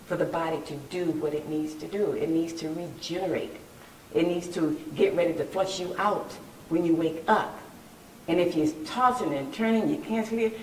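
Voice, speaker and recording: A woman host giving a faith and health talk, preachy and coaching, with bursts of loud emphasis. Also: lowish voice, echoey room, far from the mic, slight background noise, poor audio.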